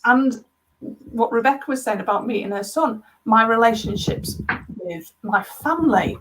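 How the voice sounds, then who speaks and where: A woman's voice: a little high, lively intonation, a little slow, a bit bright, poor audio. A woman guest talking casually with light, laughing asides on a video call. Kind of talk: casual conversation.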